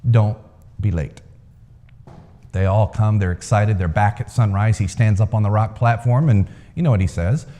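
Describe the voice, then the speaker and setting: A man telling a parable to a live audience in a lively storytelling manner. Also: on the low side, fairly quick, hardly any pauses. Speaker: speaker, coach. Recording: long hall reverb.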